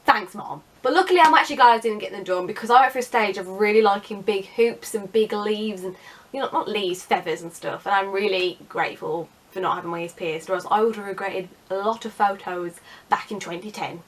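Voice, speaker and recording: A woman's voice: mid-range voice, fairly quick. A young woman chatting casually in a vlog, sarcastic and self-mocking. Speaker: vlogger.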